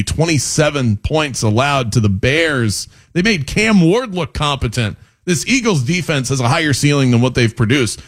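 A man co-hosting a sports betting show, giving his picks in quick, confident casual chat. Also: medium pitch.

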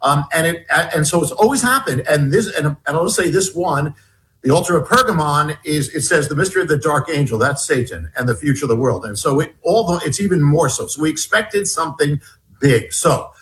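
A man's voice: a little high, lively intonation, a little fast, fairly bright tone. A man being interviewed, telling a story at length in a rambling way, full of restarts and stumbles. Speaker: guest author.

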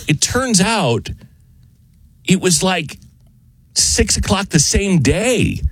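A man's voice: high-pitched, very animated, takes it slowly, pauses often, slightly rough, no room sound. A man telling a funny, self-deprecating travel story in casual chat with friends.

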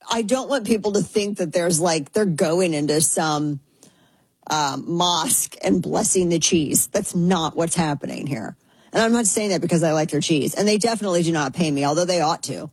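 A woman's voice: on the low side, darkish tone, breathy edge, no room sound, poor audio. A woman hosting a talk show in a chatty, sarcastic way, often slipping into mocking voices. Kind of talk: casual commentary.

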